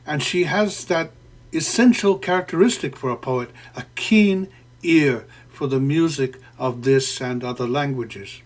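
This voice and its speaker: A man giving a spoken close reading of a poem, deliberate and professorial, pausing often with "uh" and correcting himself as he explains. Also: medium pitch. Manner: deliberate and professorial, with frequent "uh" fillers and self-corrections. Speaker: poetry lecturer. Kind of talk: spoken literary analysis.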